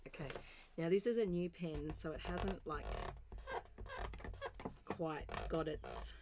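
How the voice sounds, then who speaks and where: A woman's voice: deep voice, darkish tone, slight background noise. An Australian woman in her thirties chatting casually and rambling while she crafts, murmuring to herself as she writes. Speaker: art streamer.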